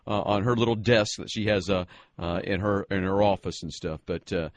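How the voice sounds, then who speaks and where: A man hosting a radio interview who speaks earnestly and haltingly, restarting his sentences often. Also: low-pitched, no echo. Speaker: radio host.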